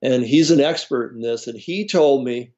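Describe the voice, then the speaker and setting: Man, guest herbalist, animated storytelling, laughs a lot, mid pitch, muffled lo-fi sound. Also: normal speed. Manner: animated storyteller, laughs often, acts out quoted voices. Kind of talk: storytelling interview.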